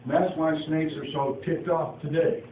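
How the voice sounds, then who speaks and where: A man with a fairly high voice tells a Bible story as an informal preacher, folksy and full of asides. He is recorded from a distance on a phone, so the sound is thin, echoey and carries a faint hiss. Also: steady tone, normal speed, narrow, tinny audio.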